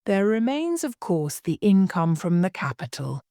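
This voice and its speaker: A woman voicing a kindly old gentleman lawyer who explains matters slowly, in a polished and formal way. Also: fairly low pitch, very animated, no echo, studio quality. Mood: patient. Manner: careful, polished, slow explaining.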